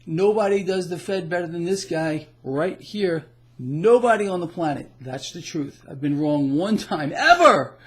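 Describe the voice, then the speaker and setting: A man's voice: on the high side, moderate pace, a little mellow. A man hosting his own financial blog, talking casually about the markets in an emphatic, boastful way, and laughing now and then at the news. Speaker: financial blogger.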